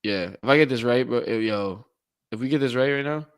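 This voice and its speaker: A man co-hosting a casual sports podcast, excitable and prone to loud outbursts. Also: medium pitch, moderate pace, clean tone, no room sound, low-quality recording. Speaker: podcast co-host.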